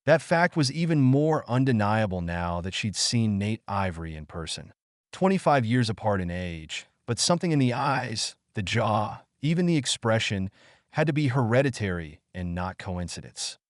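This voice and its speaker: A man reading an audiobook with expressive storytelling narration. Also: on the low side, moderate pace, dry recording, clean studio sound.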